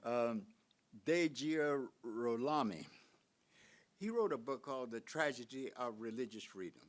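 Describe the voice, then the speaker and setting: An older man, a professor, giving a reflective conference lecture full of rhetorical questions, halting now and then with fillers and restarts. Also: medium pitch, lively intonation. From United States.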